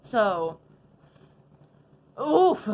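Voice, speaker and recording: A young adult woman vlogger telling a casual storytime, chatty and animated, with lots of fillers and asides. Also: a little high, extremely slow, low-quality recording. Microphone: adjusting the camera setup while talking.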